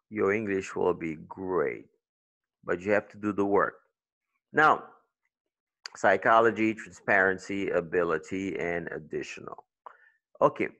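Gravelly low-voiced male English teacher. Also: a bit bright. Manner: explains slowly, switching between English and French. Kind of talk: bilingual language lesson.

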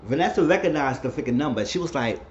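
Casual male recap vlogger, mid-pitched, talks loosely with fillers, dull audio and faint hum. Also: expressive, quick pace. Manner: chatty retelling with filler words.

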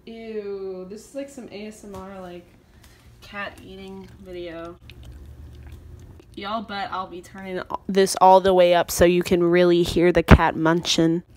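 A woman's voice: on the low side, little pitch movement, unhurried, background noise. A young woman vlogging at home, teasing her cat in a playful, cooing baby-talk voice. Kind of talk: casual home vlog.

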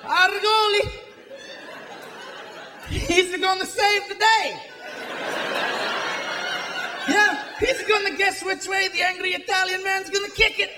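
A man doing a shouting, hopeful soccer fan. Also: extremely high pitch, steady tone, takes it slowly, pauses often, background noise, voice pushed up. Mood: cheering. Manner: shouting, cheering. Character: rowdy male soccer fan, hopeful and loud. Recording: live club, loud crowd laughter.

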